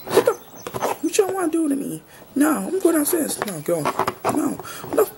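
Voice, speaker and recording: A woman's voice: sits high, very animated, normal speed, vocal fry, voice pushed up, full character voice. A woman voicing an indignant young male housemate who protests whinily. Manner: whiny and protesting. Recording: noisy home recording.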